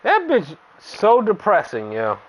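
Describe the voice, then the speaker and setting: A man's voice: high-pitched, slow pace, rough recording. A man streaming a baseball game, bluntly telling a profane story in casual talk. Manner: blunt, profane, animated retelling. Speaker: gaming streamer. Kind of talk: casual storytelling while playing.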